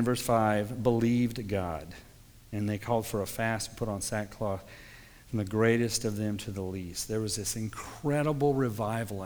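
A man giving a sermon in a relaxed, conversational way, breaking into quoted voices as he tells the story. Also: mid-range voice. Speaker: pastor. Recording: long hall reverb.

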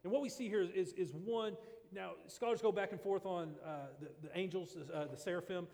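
A man preaching a sermon as pastor, earnest and halting, often restarting his phrases. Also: high voice, a little mellow, in a large hall.

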